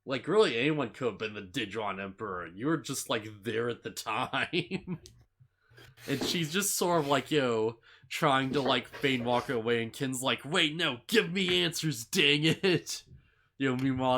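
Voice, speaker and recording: Man, bright voice, casual podcast co-host, rambling recap, lots of fillers. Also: mid-range voice, unhurried. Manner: rambling, many "like" fillers, laughs often. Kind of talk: casual anime recap chat.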